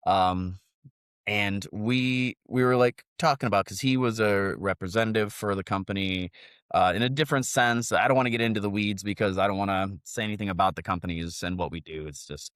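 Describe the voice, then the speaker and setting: An American man in his forties co-hosts a podcast, spinning rambling, profane, animated stories in casual conversation. His voice is on the low side, recorded with studio quality and no echo.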